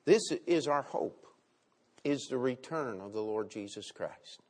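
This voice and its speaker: A man preaching a sermon, with big swings between loud and quiet. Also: mid-range voice, expressive, measured pace. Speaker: pastor.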